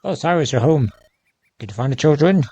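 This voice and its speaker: A man voicing a kind village wife and mother in a raised, softer voice. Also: on the high side, expressive, a little fast, slightly rough, no room sound, voice pushed up. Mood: concerned.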